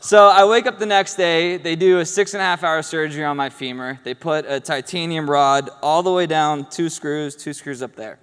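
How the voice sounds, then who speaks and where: A man's voice: a little high, fairly even intonation, normal speed, few pauses, a bit bright, clear, resonant tone. A young man telling a personal story in a casual, wry, matter-of-fact way, in a large hall. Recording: long hall reverb.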